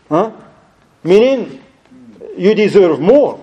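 A male religious teacher tells a story to his class in a lively, animated way. His voice sits a little high but sounds mellow and warm. His English is loosely put together and sprinkled with Arabic phrases. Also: a little slow, low-quality recording. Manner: loosely structured, non-standard English grammar. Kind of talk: anecdotal lesson to a class.

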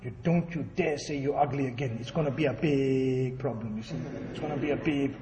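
A man's voice: medium pitch, fairly quick, background noise, voice pushed down, natural voice. Man playing a placating pet shop owner. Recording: distant dull hall recording.

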